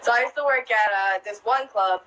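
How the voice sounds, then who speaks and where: A young woman who works as a club dancer tells stories in casual conversation, swearing freely, laughing often and filling her speech with "like." Her slightly high voice moves a little fast and sounds pushed and bright. The recording is muffled.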